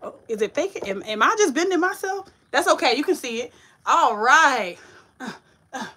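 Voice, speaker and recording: A woman's voice: high voice, normal speed. A woman hosting a casual home-kitchen cooking livestream, chatty and sassy, talking straight to her viewers. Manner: chatty, animated, talks to viewers, sassy Southern-flavored slang. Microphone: ring light setup.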